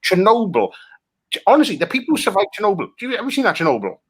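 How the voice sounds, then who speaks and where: A Welsh man in improvised comedy chat, swearing and ranting crudely as he tears into film pitches. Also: huge pitch swings, rapid-fire, husky. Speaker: comic guest critiquing film pitches.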